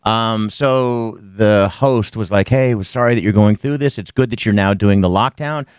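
A man's voice: on the low side, normal speed, clear, resonant tone, no echo, clean studio sound. A man hosting a radio show, chatting with co-hosts and telling stories with acted-out quotes. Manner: animated storyteller, acts out quotes. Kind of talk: morning radio banter.

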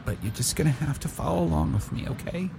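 A man's voice: medium pitch, big pitch swings, fast talker, gravelly, darkish tone, a little hiss or hum. A man voicing a scheming, motherly woman who talks her way past a guard in a sly, wheedling manner. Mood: wistful.

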